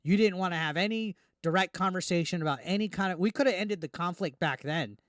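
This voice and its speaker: A man hosting a reaction commentary, ranting indignantly and quickly, tripping over restarts as he talks. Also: high-pitched, a bit bright, no room sound, studio quality. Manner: heated, indignant, fast with repeated restarts. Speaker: YouTube commentary host.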